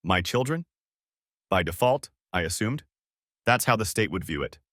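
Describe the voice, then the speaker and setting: Lowish lively male audiobook narrator. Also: normal speed, no room sound, clean studio sound. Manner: bitter, intense storytelling. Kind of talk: first-person dramatic story narration.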